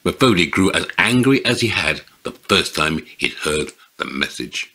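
A man giving a lively, expressive reading of a fantasy manuscript aloud. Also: sits low, normal speed, slight background noise. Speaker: reader of a manuscript submission. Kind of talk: dramatic reading of fiction.

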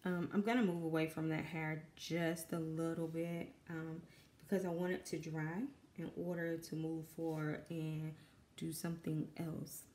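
Southern mom talking while she paints, kinda low pitched, dry voice, nervous rambly, roomy echo. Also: level tone, a little slow, a little mellow, a little hiss or hum. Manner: rambling, self-conscious, many fillers. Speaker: artist and mother. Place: home room with kids in the background. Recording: echoey room.

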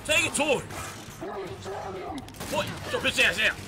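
A man giving live gameplay commentary, loud and excitable, trash-talking in slang. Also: extremely high pitch, normal speed, pauses often. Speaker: gamer. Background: game music and gunfire.

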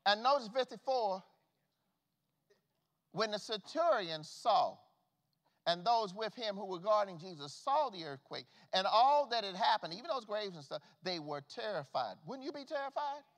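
A man preaching a sermon as pastor, swinging from loud calls to hushed, folksy asides. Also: high-pitched, very animated, moderate pace. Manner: preaching with big swings from shouts to hushed tones. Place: church sanctuary. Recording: long reverb of a church hall.

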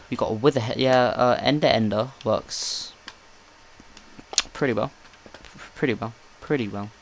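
Man, gaming commentary, excitable, jokey, mid-pitched voice, faint background noise. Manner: excitable, jokey, talks to himself. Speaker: gaming channel host. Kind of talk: live gameplay commentary.

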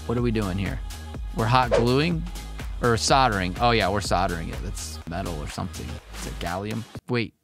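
Over music, a man with a lowish voice at normal speed comments casually on a reaction video. He sounds bemused, constantly asking questions about what he sees and drifting into rambling asides.

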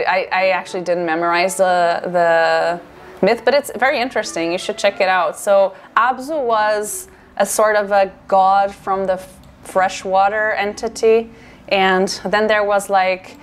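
Excitable woman, unhurried game commentary, mid-pitched, self-correcting. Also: a little hiss or hum. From Portugal or Brazil (Portuguese-speaking). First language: Portuguese. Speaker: gaming streamer and marine biologist. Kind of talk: casual gameplay commentary.

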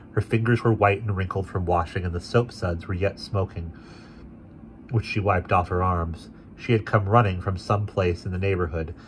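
A man narrating a classic novel aloud in a steady, expressive way. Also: low-pitched, a little hiss or hum. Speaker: audiobook reader.

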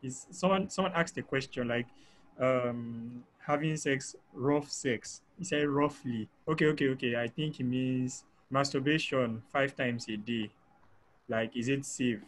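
A man's voice: mid-range voice, unhurried, a little hiss or hum. A man hosting a webinar who reads out audience questions with a hesitant manner and many fillers. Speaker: webinar host. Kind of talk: moderating questions. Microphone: video call.

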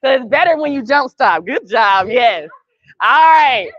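A woman coaching a youth basketball practice, calling brisk directions and praise and gently correcting the kids. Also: high voice, animated, dry recording. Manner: brisk, directive calls and encouragement; patient, gentle correction of the group. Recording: dull, dry lo-fi sound.

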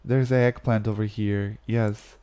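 A man giving casual let's-play commentary, animated, exclaiming and reading game text aloud as he plays. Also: fairly low pitch, unhurried, clean tone. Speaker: gaming video creator.

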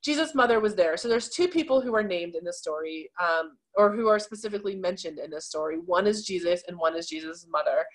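A woman teaching an adult confirmation class, explaining scripture in a relaxed, chatty way with many fillers. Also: lowish voice, brisk, hardly any pauses. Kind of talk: casual teaching talk on scripture.

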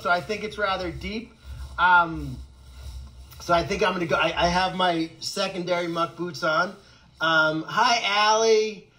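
This is a high-voiced man running an animal sanctuary, rambling and laughing often as he chats with excitement. It's a casual fundraising vlog filmed outdoors, and the recording quality is low.

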